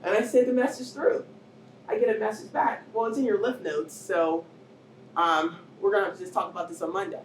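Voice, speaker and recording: A woman's voice: medium pitch, fairly even intonation, brisk. A middle-aged woman giving an emotional personal testimony as a cancer survivor at a public talk. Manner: emotional, rising to near shouts and tearful moments. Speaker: cancer survivor speaking at a panel. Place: event hall with audience. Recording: roomy hall, distant mic, faint noise.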